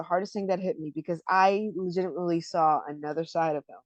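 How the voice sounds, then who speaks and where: A woman co-hosting a podcast, chatting about an anime in an animated, emotional way that often breaks into laughter. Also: lowish voice, fast talker, few pauses, no echo, highs cut off. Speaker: podcast co-host. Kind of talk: casual anime discussion.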